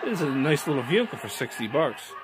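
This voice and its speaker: A man's voice: medium pitch, very animated, quick pace, a crowd in the background, poor audio. A man giving a casual, enthusiastic review of a toy, rambling and repeating himself.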